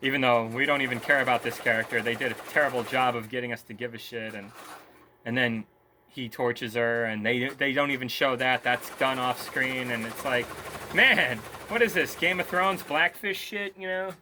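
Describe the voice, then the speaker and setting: A man's voice: mid-range voice, fairly even intonation, normal speed, noisy background. A man ranting in a casual, profane video review, scornful and sarcastic. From Korea. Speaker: movie reviewer.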